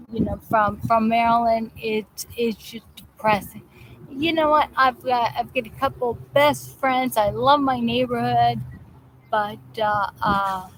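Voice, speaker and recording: A woman hosting a live chat show, rambling casually with halting restarts and fillers while greeting viewers outdoors. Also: a little high, rough recording. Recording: loud background noise, vehicles passing.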